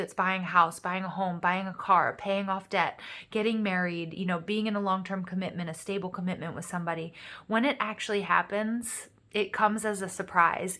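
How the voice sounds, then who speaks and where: Excitable woman giving a tarot reading. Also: medium pitch. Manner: upbeat, encouraging, excitable, fillers like "you know". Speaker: tarot reader. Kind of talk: casual tarot reading to camera.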